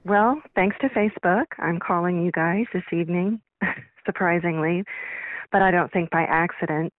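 A woman's voice: on the low side, normal speed, no room sound. Woman caller on a tinny phone line, thoughtful, kinda hesitant, asking her question. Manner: thoughtful, searching, slightly hesitant.

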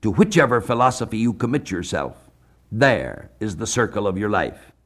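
A man from the United States preaching a sermon on a Bible passage, measured, slowing down to read scripture aloud. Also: lowish voice, very animated. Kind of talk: radio sermon, Bible exposition.

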